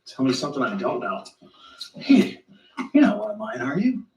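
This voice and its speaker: A man's voice: a little high, wildly swooping pitch, moderate pace, a little mellow, recorded from a distance. A man playing a crude, shameless, flirtatious party guy who talks in a cocky, teasing way, in comedy series acting. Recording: echoey sound from off-mic.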